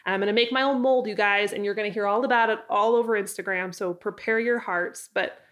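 A woman's voice: mid-range voice, fairly even intonation, fast, fairly bright tone. A woman vlogger talking casually and enthusiastically about her favorite homesteading books, with a chatty, self-deprecating manner. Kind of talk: casual book recommendations to camera.

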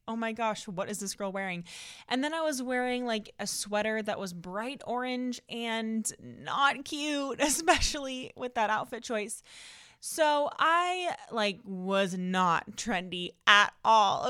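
Speaking with a Californian Valley girl accent, a young woman hosts her own casual podcast, bubbly and dramatic as she tells a story, laughing frequently and filling it with "like." Her voice is a little high, pushed, bright, clear, and resonant, recorded in clean studio sound with no room sound.

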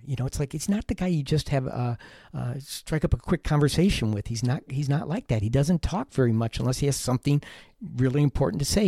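A middle-aged man recounts a story from his teaching days as a podcast host. He speaks in an earnest, animated way and pokes fun at himself. His voice sits in a middle pitch and is recorded close and dry. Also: no echo. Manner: earnest, animated retelling with self-deprecating humor. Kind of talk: storytelling monologue.

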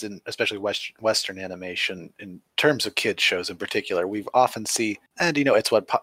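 A man with a lowish voice co-hosting a casual review show from a remote setup. He's jokey and self-deprecating and rambles a bit, recorded dry and close. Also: fairly bright tone, no echo. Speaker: podcast co-host. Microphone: remote call.

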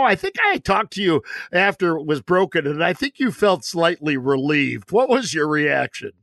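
A man's voice: on the high side, fairly bright tone, dry recording, studio quality. A man hosting a radio interview, asking questions and praising his guest with fillers. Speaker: radio host and race announcer.

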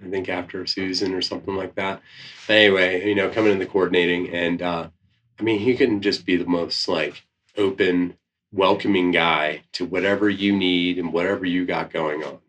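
Deep-voiced man, rambling tribute. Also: fairly even intonation, normal speed, fairly bright tone, distant mic, muffled recording. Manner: rambling, searching for words. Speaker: colleague. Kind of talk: casual tribute.

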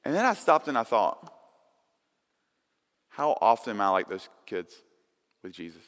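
Pastor, male, earnest sermon delivery with big swings from soft to loud, sharp tone. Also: lowish voice, very animated, a little slow. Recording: long reverb of a large hall.

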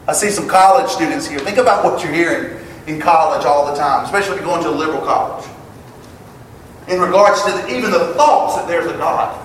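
A man preaching a sermon to his congregation, emphatic and building to loud exclamations. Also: sits high, recorded from a distance, slight background noise. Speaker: pastor. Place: church sanctuary. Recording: echoey hall, picked up from afar.

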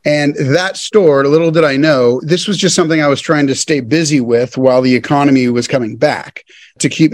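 A man's voice: mid-range voice, dry recording. A man in his thirties, a podcast guest casually telling his business story and acting out the dialogue as he goes. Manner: animated storyteller who acts out quoted dialogue.

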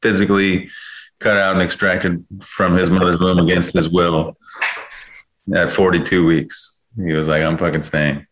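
Man, very low voice, candid storyteller, swears freely, rambling. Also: flat delivery, measured pace, fairly bright tone. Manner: frank, swears freely, rambling self-corrections. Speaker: guest.

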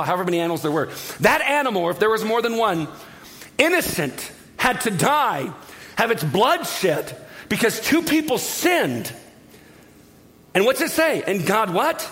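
A man preaching a sermon in an animated, joking way, talking straight to the congregation. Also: high-pitched, moderate pace. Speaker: pastor.

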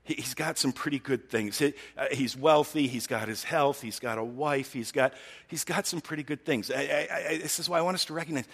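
A man's voice: mid-range voice, fairly quick, a bit bright, husky, big-room sound. A male pastor giving a conversational sermon, often checking in with his listeners. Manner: talky, keeps checking in with the listeners.

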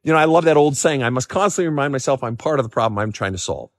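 A man's voice: mid-range voice, rapid-fire. A middle-aged man giving casual, blunt advice as a counselor, swearing freely and pressing his points hard. He stands outside in the cold, bouncing on his feet, his voice dry and close with a long tail of reverb behind it. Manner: jumping up and down from cold and excitement. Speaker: counselor answering listener questions. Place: outdoors in the cold.

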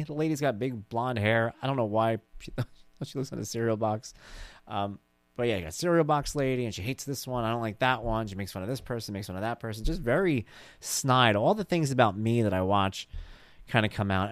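A middle-aged man telling stories about his daughter in a casual monologue, animated and jokey, and he acts out her voice in high squeals. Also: no room sound.

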